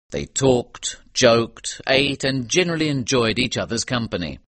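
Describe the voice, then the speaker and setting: A man narrating a storybook in a clear, measured way. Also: mid-range voice, a bit bright, no room sound. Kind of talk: scripted audiobook narration.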